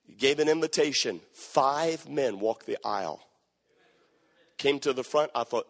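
A man preaching, telling a story with animated bursts of shouting and hushed stretches. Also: medium pitch, a little slow, creaky. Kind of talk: sermon storytelling. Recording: long hall reverb.

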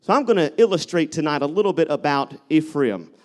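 A man preaching a sermon, telling stories and rising into loud exhortation. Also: on the high side, brisk. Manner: animated, shifts between storytelling and loud exhortation. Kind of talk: sermon with live object lesson.

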